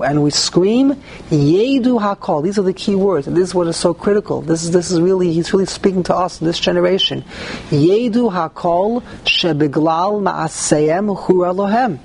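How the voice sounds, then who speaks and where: A man's voice: high-pitched, a little hiss or hum. A man teaching a Talmudic-style lesson, mixing English with Hebrew and Yiddish terms and rising sharply on key points. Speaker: Torah teacher. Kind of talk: Talmudic lecture.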